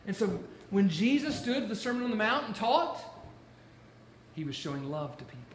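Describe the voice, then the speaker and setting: A man preaching a sermon, stressing key phrases by repeating them slowly. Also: high-pitched, big pitch swings. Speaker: pastor. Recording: echoey room with faint noise.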